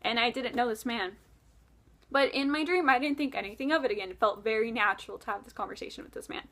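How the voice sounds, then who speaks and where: A vlogger tells her camera a long story, fast and chatty, with lots of animation and plenty of "like" fillers. Her voice is a little higher than most women's.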